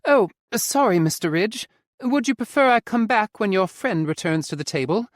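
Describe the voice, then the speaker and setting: A man's voice: high voice, animated, moderate pace, no room sound, clean studio sound, pitched above the performer's own voice. A man voicing a polite, apologetic young waitress in an audiobook.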